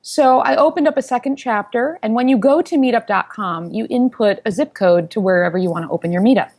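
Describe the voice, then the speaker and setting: A woman in her thirties, a founder telling her story in an interview, animated and quick to act out what people said. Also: fairly high pitch. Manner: animated storyteller who acts out quoted voices.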